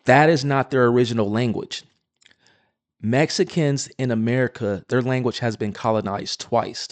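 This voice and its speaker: A man's voice: mid-range voice, moderate pace, dry recording. A man giving combative, insistent reaction commentary on a clip.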